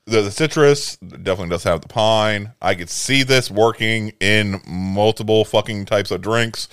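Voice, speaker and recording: A man's voice: on the low side, moderate pace, fairly bright tone, smooth, no echo, clean studio sound. A man co-hosting a podcast, teasing his friends and swearing in a loose, casual way. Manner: teasing, profane, laughing. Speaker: podcast co-host. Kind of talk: casual chat.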